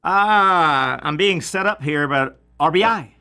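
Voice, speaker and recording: A chatty Southern man hosts a sports talk show, his voice bright and forceful and sitting a little higher than most men's. He jokes freely and restarts his sentences often. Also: slow, clear, resonant tone. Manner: chatty, joking, frequent restarts. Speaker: sports radio host.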